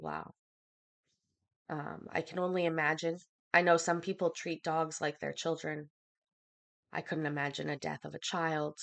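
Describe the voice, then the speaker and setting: A woman hosting a casual livestream, chatting with viewers and reading their comments. She sounds a little hoarse and short of breath from a cough, with lots of ums. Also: low voice, fairly bright tone. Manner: chatty, filler-heavy, reads out viewer comments. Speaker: livestream host.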